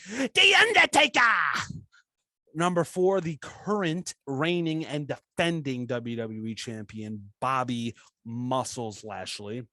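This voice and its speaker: A man's voice: medium pitch, a bit bright, no echo. A young man co-hosting a podcast, chatting casually in a jokey, rambling way. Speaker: podcast co-host.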